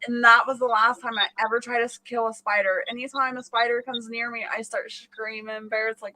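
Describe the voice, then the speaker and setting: Giggly woman telling bright, lively stories. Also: on the high side, a little fast, few pauses, low-quality recording. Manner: giggly, animated storytelling. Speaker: channel host. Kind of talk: casual live chat.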